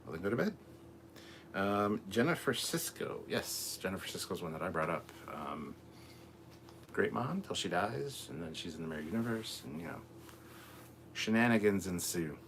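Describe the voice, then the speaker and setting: A man with a low, deep voice chats casually on a home livestream, reading out comments with loose asides and fillers. A faint background hiss sits under the voice, picked up by a camera mic a little way off. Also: very animated, normal speed, creaky, fairly bright tone. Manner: rambling, easygoing, lots of fillers and asides. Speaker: livestream host reading chat. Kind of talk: casual live-stream chat. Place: home room with TV. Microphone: camera mic at a distance.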